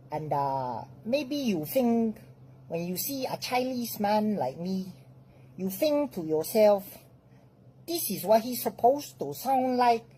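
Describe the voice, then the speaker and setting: A man with a Jamaican accent talks to camera in an unhurried, laid-back drawl, now and then dropping into patois. His voice is dark and mellow. A faint background noise runs under the recording. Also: high voice, low-quality recording. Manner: slow, easygoing, drifts into patois. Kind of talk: direct-to-camera monologue.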